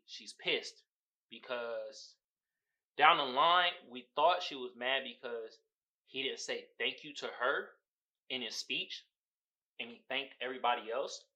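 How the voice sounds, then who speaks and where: Slow and deliberate, a young Bay Area podcast host delivers a profane, slangy movie rant, often laughing along the way. His mid-range voice is pushed and bright, but the recording sounds muffled.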